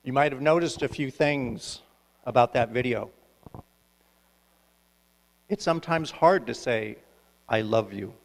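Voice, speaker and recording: Gravelly man preaching in a hall. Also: mid-range voice. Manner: measured, reflective preaching. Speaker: minister. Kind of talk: sermon. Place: sanctuary. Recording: long hall reverb with mains hum.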